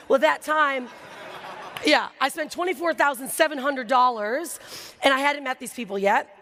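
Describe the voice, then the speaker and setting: A woman giving an animated, storytelling talk as a keynote speaker to an audience, acting out the voices of people in her story. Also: high voice, moderate pace, slight background noise. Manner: animated, acts out quoted voices. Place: large hall before an audience. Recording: hall reverb, live stage recording.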